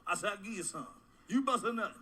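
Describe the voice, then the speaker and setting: A middle-aged man doing a stand-up comedy routine, loud and crude, rambling and repeating his lines. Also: sits high, expressive, racing.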